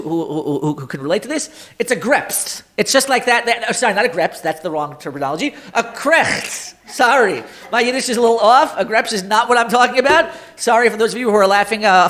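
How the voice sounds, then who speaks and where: A man teaching a Torah class in lecture style, animated, often repeating and restarting words and acting out sighs and groans. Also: high-pitched. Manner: acts out sighs and groans for effect.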